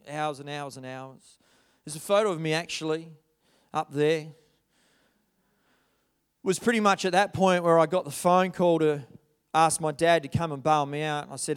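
High-voiced man giving earnest testimony. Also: clean tone. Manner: earnest storytelling, swings from loud to hushed. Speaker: speaker sharing a personal testimony. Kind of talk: testimony talk.

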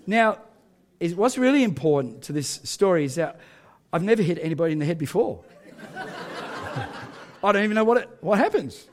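A man's voice: sits high, very animated, brisk, long pauses. A male pastor, telling a story in a sermon with self-mocking humour and frequent laughter.

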